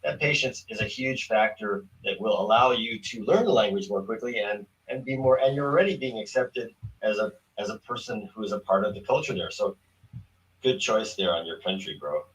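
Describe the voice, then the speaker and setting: A man's voice: on the low side, normal speed, fairly bright tone, far from the mic, low-quality recording. A man chatting casually as a guest, thoughtful and encouraging. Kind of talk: casual chat.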